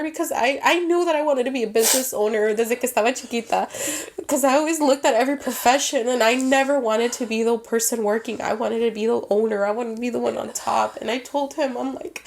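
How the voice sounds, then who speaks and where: A woman's voice: sits high, fairly quick, gravelly, few pauses. A woman co-hosting a podcast, earnestly telling a personal story and switching into Spanish phrases mid-sentence. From Mexican-American family. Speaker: podcast co-host.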